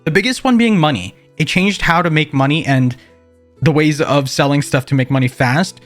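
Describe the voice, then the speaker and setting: A man hosting a gaming video, with goofy, excitable let's-play commentary. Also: fairly high pitch, moderate pace, faint music behind. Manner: goofy, excitable, big emotional swings. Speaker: gaming YouTuber.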